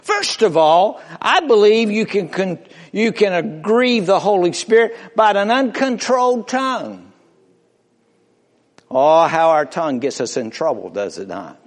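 Male preacher, slightly high voice, unhurried emphatic sermon delivery, reverberant church sound. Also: animated. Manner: slow, emphatic preaching with rising and falling delivery.

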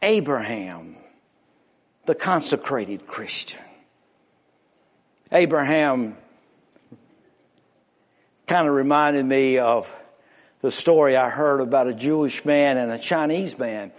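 A man preaching a sermon with an emphatic, drawn-out pulpit delivery. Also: medium pitch.

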